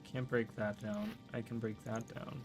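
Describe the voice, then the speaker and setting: A man's voice: lowish voice, flat delivery, normal speed, music in the background. Rambling male streamer chatting with viewers. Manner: rambling, trips over words and restarts, teases chat. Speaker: gaming streamer. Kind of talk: casual livestream chat while gaming.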